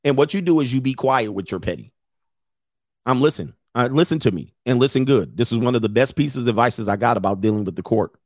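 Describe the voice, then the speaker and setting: A man's voice: mid-range voice, fast, dry recording. Middle-aged guy ranting advice, swears a lot, does voices of people, dry sound no room. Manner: animated, profane, mimics others in raised voices. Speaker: podcast host giving advice. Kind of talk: casual advice talk.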